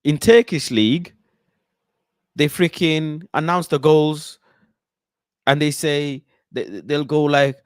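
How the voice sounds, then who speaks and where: Animated football fan host. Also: male voice, on the high side, slow pace, long pauses, no echo. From United Kingdom. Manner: animated, slangy, bursts into chants and impressions. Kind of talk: casual football chat.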